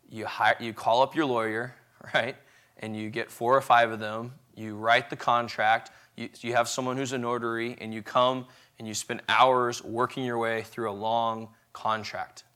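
A man delivers an evening sermon at a medium pitch, speaking casually and often putting questions to his listeners. His delivery is lively, rising and falling in loudness and speeding up or slowing down as he explains. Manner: conversational, asks the audience questions; lively, shifting loudness and pace. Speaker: preacher.

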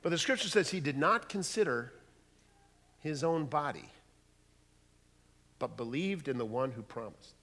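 A man preaching a sermon, dramatic, dropping to a hush and rising to loud bursts. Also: on the high side, lively intonation, measured pace, pauses often. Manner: dramatic, swings from hushed to loud. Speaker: pastor. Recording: long hall reverb.

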